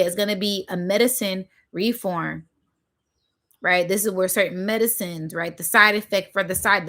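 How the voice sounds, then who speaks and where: With a medium-pitched, slightly bright voice, this young adult spiritual-channel host preaches fervently on a livestream. Her monologue is packed with swearing and repeated "right?" and "y'all," and she's emotional to the point of almost crying.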